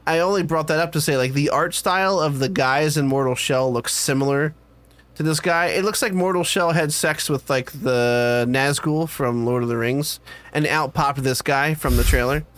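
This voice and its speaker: A man co-hosts a laid-back podcast, joking around and rambling through fillers. His voice sits fairly high for a man. The recording is dry and close, with no room sound. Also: moderate pace, a bit bright, dry recording. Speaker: podcast co-host. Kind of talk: casual chat.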